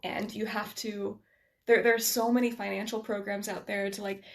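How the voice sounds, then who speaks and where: An American woman whose accent carries a slight Scottish lilt, talking quickly in a casual conversation with many restarts and laughs. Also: mid-range voice, flat delivery, gravelly. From United States. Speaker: guest.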